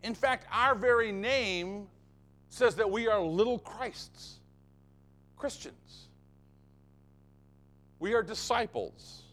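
A man's voice: sits high, takes it slowly, long pauses, a bit bright. A man preaching a sermon as pastor of his church, emphatic and fond of repeating phrases for effect.

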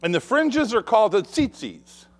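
Male pastor mid-sermon, high-pitched and lively, acts out the quotes. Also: moderate pace. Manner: expressive preaching, acts out quoted voices.

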